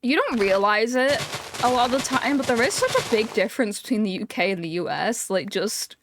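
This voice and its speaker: A woman with a northern English accent chatting casually during a game stream, relaxed and casually swearing. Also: fairly high pitch, fairly quick, background noise. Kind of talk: casual gaming stream chat.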